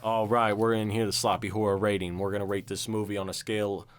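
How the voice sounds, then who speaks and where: A man's voice: on the low side, flat delivery, fast talker, over loud music. A man hosting a horror podcast in casual chat, laughing often and leading the rating segment. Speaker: podcast host.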